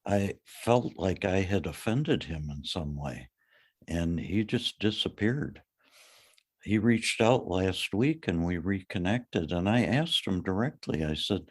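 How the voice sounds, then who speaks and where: A man's voice: low-pitched, a little slow, breathy edge. A man co-hosting a podcast, telling personal stories in a candid, plain-spoken, reflective way. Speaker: podcast co-host. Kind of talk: reflective casual discussion. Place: lives in Minnesota.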